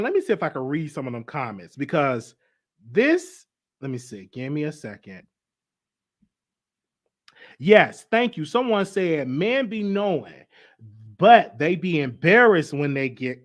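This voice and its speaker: A man's voice: fairly high pitch, sing-song, slow pace, pauses often. A man hosting a live online show, talking casually and emphatically, repeating himself and reading out viewer comments. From United States. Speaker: host.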